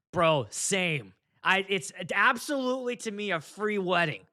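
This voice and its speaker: A man with a fairly high, bright, forward voice, talking in a loose podcast chat. His delivery swoops up and down as he rants with profane, comic energy. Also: a little slow. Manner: animated, profane, ranting comic storytelling. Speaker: podcast host, wedding DJ.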